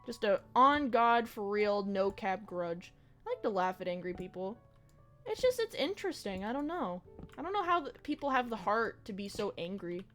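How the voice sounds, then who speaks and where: A woman's voice: medium pitch, sing-song, normal speed, a bit bright, faint music behind. A young woman streaming a game, chatting casually in a rambling, reflective way with slang and swearing. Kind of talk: casual chat while gaming on stream.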